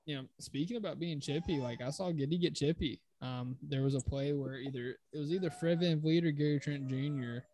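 A man co-hosting a casual sports podcast, leading the talk in a relaxed conversational way and reciting game stats. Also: fairly high pitch, brisk, few pauses, slight background noise. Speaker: podcast co-host.

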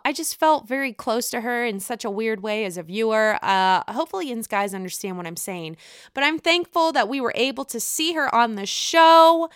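A woman's voice: medium pitch, fairly bright tone, smooth, no room sound, clean studio sound. A woman giving casual solo commentary as a reality TV fan, chatty, gushing and freely swearing.

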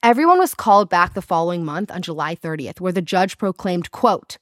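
Low-voiced woman telling history casually. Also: expressive, fairly quick, hardly any pauses, dry recording, studio quality. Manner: breezy, irreverent retelling with slang paraphrases. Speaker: podcast host. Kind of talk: casual narrated history podcast.

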